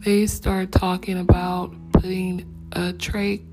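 A woman telling a personal family story in a slow, subdued and reflective way. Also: fairly low pitch, little pitch movement. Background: soft acoustic guitar music.

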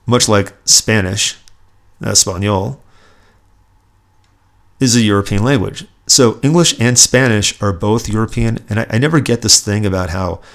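A man's voice: on the low side, vocal fry. A man from California, hosting a political podcast with sarcastic, indignant commentary. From Southern California, USA. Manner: indignant, sarcastic, emphatic with repeated restarts. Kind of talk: opinionated solo commentary.

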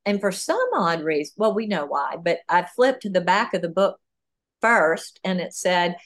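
A woman being interviewed as an author on a podcast, talking through her ideas in an animated way with plenty of fillers. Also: on the low side, moderate pace. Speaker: author and guest.

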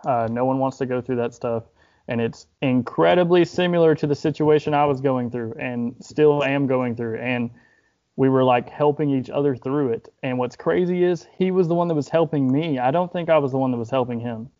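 A man's voice: mid-range voice, a little mellow, muffled recording. A young man on a podcast, talking in a loose, rambling way with lots of filler and swearing, sounding grief-stricken and close to tears. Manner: rambling, heavy use of filler "like", frequent swearing. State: grieving, holding back tears. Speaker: podcast host, wrestler. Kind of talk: casual podcast talk.

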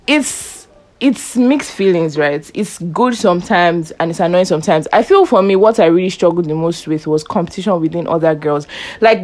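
A young woman hosts a relaxed podcast conversation with friends. She tells stories animatedly, slips into quoted voices and laughs easily, with a voice sitting at an everyday middle pitch for a woman. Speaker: podcast host. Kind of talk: casual chat.

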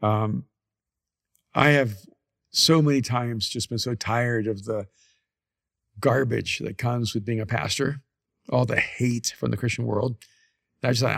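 A man's voice: mid-range voice, fairly even intonation, unhurried, vocal fry, pauses often, fairly bright tone, no echo, studio quality. A man, a pastor, talking earnestly and reflectively in a casual podcast conversation, recorded in a church's main room. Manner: earnest, reflective, stammers on restarts.

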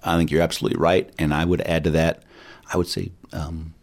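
A middle-aged man, a retired highway patrol sergeant, telling a personal story candidly in an interview. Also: brisk, gravelly. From United States. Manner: earnest, candid, quotes others in lively voices.

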